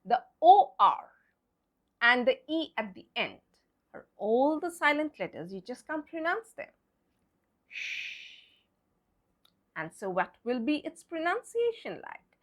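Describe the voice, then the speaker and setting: High, lively woman teaching pronunciation slowly. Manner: playful, hushing "shh", repeats words slowly. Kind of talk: explaining pronunciation to viewers.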